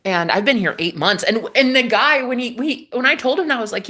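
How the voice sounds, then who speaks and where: A woman's voice: on the high side, expressive, moderate pace, pushed and bright. A woman from Iowa chatting on a live stream, rambling with lots of fillers and repeats, swearing and laughing often. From Iowa, USA. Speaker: livestream host reading chat. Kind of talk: casual live-stream chat.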